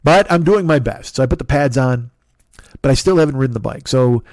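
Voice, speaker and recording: A man's voice: mid-range voice, animated, fairly quick, a little mellow, no echo, clean studio sound. A man in his fifties giving a rambling, self-deprecating comic monologue, swearing often and restarting sentences. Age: 50s. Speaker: comedian and podcast host.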